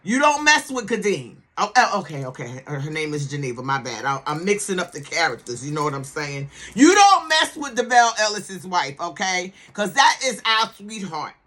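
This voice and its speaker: A woman's voice: sits low, expressive, moderate pace, hardly any pauses, sharp tone. Sassy woman reviewing a TV series. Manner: sassy, emphatic, keeps asking "okay?" for agreement; repeats words for emphasis. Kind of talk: casual commentary.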